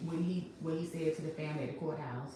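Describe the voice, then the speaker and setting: A woman hosting a casual recap, talking with animated emphasis. Her voice sits at a middle pitch and comes from some distance off the mic. The room is very echoey, with a faint hum of ambience behind her. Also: quick pace. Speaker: host.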